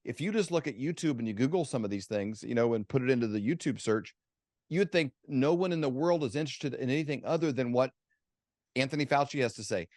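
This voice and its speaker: A man's voice: mid-range voice, expressive, fast, a little mellow, dry recording, studio quality. A man hosting a casual interview, talking in a conversational way with hesitant fillers. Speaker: interviewer, host.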